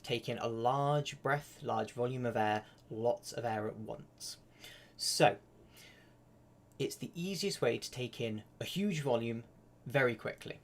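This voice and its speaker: A man's voice: mid-range voice, a little slow. A man giving a casual live-streamed flute lesson, chatty and full of fillers. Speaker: flute teacher.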